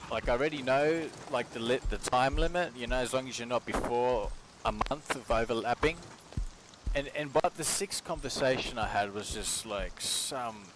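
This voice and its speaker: A man's voice: medium pitch, normal speed. A man from Australia, rambling and swearing in a casual stream chat from his kitchen. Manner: rambling, profane, slangy. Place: home kitchen while cooking. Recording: noisy home stream audio.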